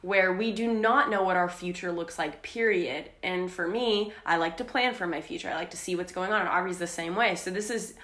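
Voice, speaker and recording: Young woman, podcast co-host, bright voice, animated storytelling, echoey room. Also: fairly low pitch, brisk, few pauses. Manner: candid, animated storytelling with laughs. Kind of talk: casual faith podcast chat.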